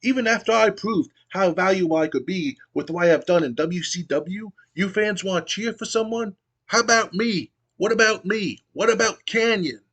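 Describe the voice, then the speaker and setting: A brash male wrestler who whines and demands attention from the crowd, as a man reads his lines aloud. The voice is pushed up high and sounds loud and insistent. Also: normal speed, breathy edge, full character voice. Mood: indignant. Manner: whiny, demanding.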